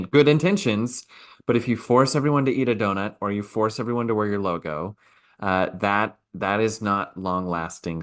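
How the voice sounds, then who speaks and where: A man co-hosting a consulting podcast, trading dry jokes and quips with colleagues. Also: fairly low pitch. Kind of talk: casual podcast banter.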